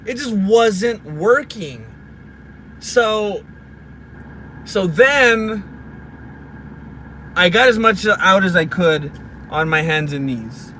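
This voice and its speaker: A man's voice: sits high, lively intonation, extremely slow, long pauses, sharp tone, poor audio. A man in his thirties telling a story in a casual vlog from his car, dramatic and self-mocking. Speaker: vlogger. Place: inside a car. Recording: car and street noise.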